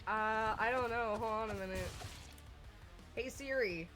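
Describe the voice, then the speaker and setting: A stream guest chatting casually, slow-spoken, giggly and sweary. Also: mid-range voice, pushed and bright, soft background music. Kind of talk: casual chat.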